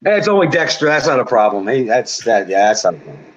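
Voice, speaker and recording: A man's voice: medium pitch, big pitch swings, fast talker, highs cut off. A man who is a wrestling referee, a guest in a casual interview, upbeat and announcer-like when giving event details.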